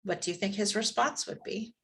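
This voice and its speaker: A woman instructor leading a live online class, telling a scenario in a conversational, lively way over a video call. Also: mid-range voice, a little fast, gravelly. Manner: conversational, lively storytelling with asides.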